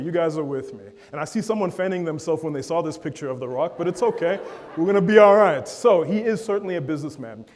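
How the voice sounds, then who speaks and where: A man giving a lively keynote at a conference, joking with and calling on the audience in a large hall. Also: on the high side. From Africa. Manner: energetic, playful, calls on the audience and jokes. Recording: long hall reverb.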